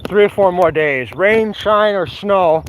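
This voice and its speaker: Walking his dogs along an outdoor trail, a man livestreams in a rambling, casual way, chatting to the dogs and bursting into song now and then. His voice sits high and moves a little slowly, and the poor audio carries slight background noise.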